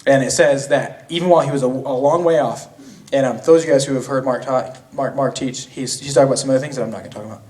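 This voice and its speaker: A man's voice: medium pitch, steady tone, quick pace, a little mellow. Casual young man preaching from afar. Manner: casual, slangy retelling with many restarts. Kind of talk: sermon. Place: church. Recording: voice from a distance.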